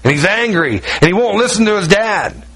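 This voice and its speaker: A man's voice: sits high, lively intonation, normal speed, a bit bright, husky, low-quality recording. A man preaching a sermon, retelling a story in a folksy, emphatic way with lots of repetition and direct asides to the congregation.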